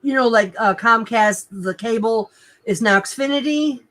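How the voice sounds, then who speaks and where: A woman in a casual podcast chat, excitedly telling a personal story with lots of exclamations. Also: a little high, unhurried, low-quality recording. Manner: excitable, animated, lots of "oh my God" and "like".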